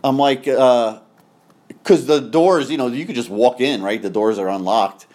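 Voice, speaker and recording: A man co-hosting a casual podcast, speaking at a middle pitch. He tells stories in a blunt, assertive way. His talk is loose and conversational. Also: moderate pace, darkish tone. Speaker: podcast co-host. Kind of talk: casual chat.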